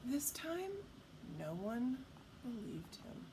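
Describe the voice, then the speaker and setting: Animated woman reading a storybook to kids. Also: fairly high pitch, slow pace, background noise. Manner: animated, asks the listener questions. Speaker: storytime reader. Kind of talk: read-aloud storytime for children.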